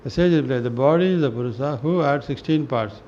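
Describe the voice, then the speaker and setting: A man reading spiritual scripture aloud in a slow, halting way, often restarting words and clearing his throat. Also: medium pitch, a little mellow. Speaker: reader of a spiritual newsletter. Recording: dull lo-fi recording with faint noise.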